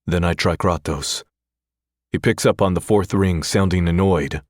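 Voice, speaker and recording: A man's voice: sits low, a little slow, darkish tone, dry recording, clean studio sound. A man narrating a first-person romance audiobook in a tense, brooding way.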